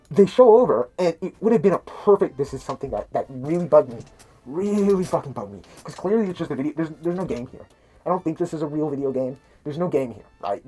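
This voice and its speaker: A man's voice: a little high, darkish tone, slightly rough. A man giving a rambling, profane movie review on a cheap mic through a mask, his voice slightly muffled and full of restarts. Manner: rambling, restarts a lot, swears, laughs at things. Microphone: cheap mic talked into through a mask.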